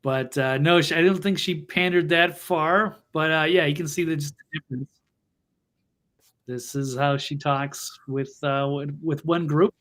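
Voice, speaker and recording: A man's voice: on the high side, steady tone, unhurried, a bit bright. A man co-hosting a casual political talk show, blunt and scornful in his remarks over a video call. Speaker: co-host.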